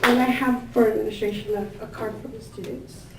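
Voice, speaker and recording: A woman giving a thank-you speech at a gathering, introducing guests with warm, gushing words and many fillers. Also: fairly high pitch, fairly even intonation, a little fast, creaky. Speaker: event organizer introducing staff and guests. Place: large indoor room with tables. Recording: echoey room, picked up from a distance, faint ambient noise.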